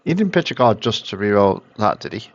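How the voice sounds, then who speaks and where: An English man commentating a card game match in a relaxed, reactive way. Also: on the low side, a little fast, dry recording. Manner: relaxed, reactive, laughs often. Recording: dry, dull lo-fi stream audio.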